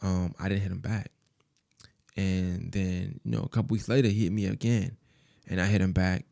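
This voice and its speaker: A man's voice: sits low, level tone, moderate pace, gravelly, dark tone, no echo, studio quality. A man hosting a podcast, telling a personal story in a casual, rambling way, full of fillers and repeated phrases. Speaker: podcast host.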